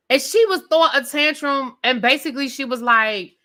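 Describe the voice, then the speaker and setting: A woman's voice: high voice, normal speed, hardly any pauses. Sassy woman ranting live to her chat. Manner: sassy, talks straight to chat with "y'all" and "baby"; animated, repeats questions for emphasis. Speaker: host of a live review stream. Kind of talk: live casual rant.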